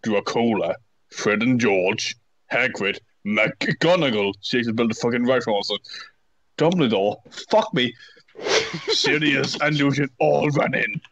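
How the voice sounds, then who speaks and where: A man reading a story aloud with friends, rushing and swearing as he goes. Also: medium pitch, fairly bright tone, lo-fi sound, slight background noise. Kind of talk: casual group reading.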